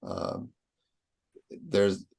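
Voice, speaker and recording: A man's voice: extremely slow, darkish tone. A man lecturing patiently on poetry, sounding out rhythms aloud as he explains.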